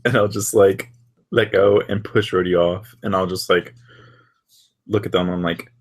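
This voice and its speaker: A man playing a character in a tabletop role-playing game, casual and relaxed. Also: low-pitched, normal speed, long pauses, breathy edge. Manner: casual, relaxed, many "like" fillers. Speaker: player.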